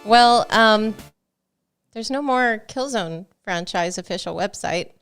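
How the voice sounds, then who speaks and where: A woman's voice: medium pitch, takes it slowly, fairly bright tone, clear, resonant tone, soft background music. A middle-aged woman co-hosting a gaming podcast, reading news items in easygoing casual chat. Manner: easygoing, laughs often. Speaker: podcast co-host.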